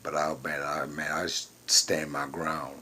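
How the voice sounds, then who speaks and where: A man's voice: very deep voice, level tone, unhurried, pushed and bright, a little hiss or hum. A man from Houston telling a boastful, slang-filled, profane story in a casual way. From Houston, Texas.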